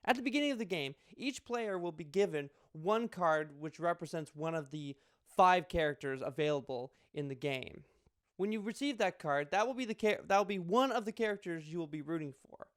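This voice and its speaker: Young male board game reviewer, chatty and rambling, smooth voice. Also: on the high side, expressive, a little fast, no room sound, studio quality. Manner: chatty, rambling with restarts and jokes. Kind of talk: casual video review.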